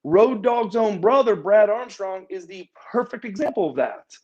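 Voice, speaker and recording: A man telling a backstage story in a casual interview, acting out other people's lines as he goes. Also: normal speed. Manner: animated, acts out quotes with raised pitch. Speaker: interview guest, former wrestler. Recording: muffled lo-fi audio.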